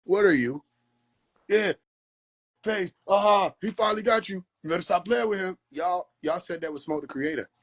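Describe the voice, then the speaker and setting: A man hosting a casual livestream, talking in an animated, preachy way and mocking people with laughs. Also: high voice, moderate pace. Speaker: livestream host. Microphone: phone.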